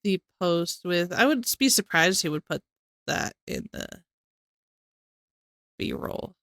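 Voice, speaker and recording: A chatty woman hosts a casual reaction video, and her voice has a bright, crisp edge. She sounds close and dry, with no room around her, and fills her talk with casual fillers. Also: fairly low pitch, animated, slow, no echo. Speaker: channel host.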